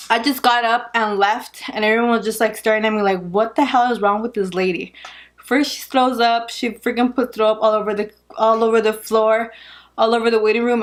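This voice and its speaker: Speaking in a slightly high voice, a young vlogger recounts something that happened to her. Her delivery is loose and lively, broken up by frequent laughter and plenty of "like."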